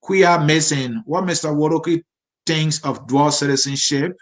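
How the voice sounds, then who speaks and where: A man's voice: a little high, a little slow. A man hosting a live political interview, firm and scolding when he addresses viewers. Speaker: interviewer, show host.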